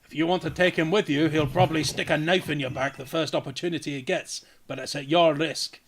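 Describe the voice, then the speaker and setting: A man's voice: fairly high pitch, steady tone, fairly quick, a little hiss or hum, natural voice. A man voicing a blunt, suspicious male dwarf who swears in a tabletop game. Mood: grumbling.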